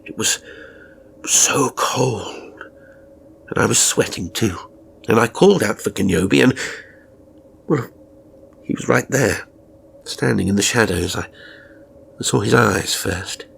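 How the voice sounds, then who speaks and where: A man's voice: on the low side, takes it slowly, gravelly, long pauses, a bit bright, slight background noise. A man narrating an audio horror story in the first person, rambling and confessional, with hesitant restarts.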